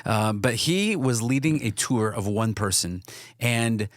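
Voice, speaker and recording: A man's voice: on the low side, animated, measured pace, no echo, studio quality. A man co-hosting a podcast in a casual, earnest way, often restarting his sentences. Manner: earnest, many restarts and fillers. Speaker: podcast co-host.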